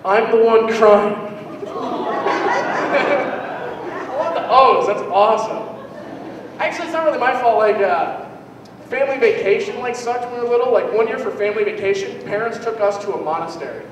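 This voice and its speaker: High-voiced young guy doing stand-up. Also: moderate pace, pauses often, recorded from a distance, crowd noise, noisy background. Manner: rambling, self-deprecating storytelling. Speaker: stand-up comedian. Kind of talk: stand-up routine. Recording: echoey hall, mic heard from afar.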